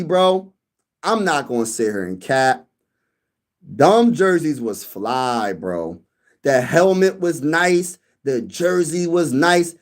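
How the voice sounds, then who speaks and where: A man's voice: a little high, a little mellow. A man hosting a casual sports livestream, reading viewer comments and talking with boastful hype and lots of slang. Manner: hyped and boastful, repeating phrases for emphasis; slangy street talk, calls listeners bro and baby. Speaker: sports channel host.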